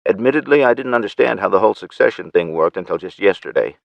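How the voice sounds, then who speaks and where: Man, audiobook narrator, very deep voice, measured steady first-person reading, dry dull recording. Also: vocal fry, no echo.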